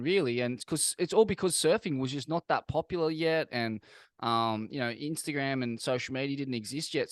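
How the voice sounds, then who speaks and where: A man's voice: medium pitch, dry recording, studio quality. An Australian man hosting a podcast, laid-back and reflective, swearing casually as he chats. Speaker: podcast host. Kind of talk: casual interview chat.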